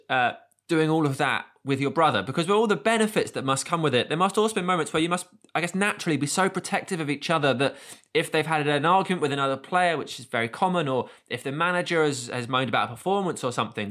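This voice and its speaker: A man's voice: on the high side, a bit bright. A man hosting a podcast, asking long, rambling interview questions. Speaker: podcast host.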